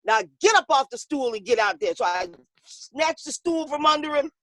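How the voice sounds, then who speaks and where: A woman boxing coach telling a story in an interview, animated, acting out the voices of the people in it and laughing often. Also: sits high, moderate pace, no room sound.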